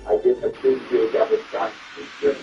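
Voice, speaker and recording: A man trash-talking playfully while gaming, taunting the others and jumping between high and low voices, heard with some distance and dull sound over music. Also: normal speed, reverberant. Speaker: gamer.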